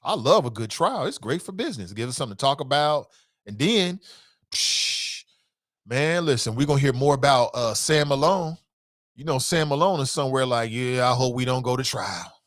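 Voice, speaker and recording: A man's voice: mid-range voice, expressive, moderate pace, a bit bright. A man hosting a casual morning talk show, speaking off the cuff, often laughing and slipping into quoted voices. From Cincinnati area.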